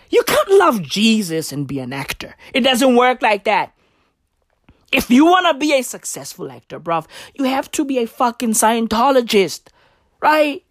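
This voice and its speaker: A woman riffs through a crude, profane comic monologue, circling back to the same catchphrase again and again. She talks at an unhurried, drawn-out pace while her pitch swings widely. The sound is dry and close. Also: very animated, no room sound. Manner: slangy and brash.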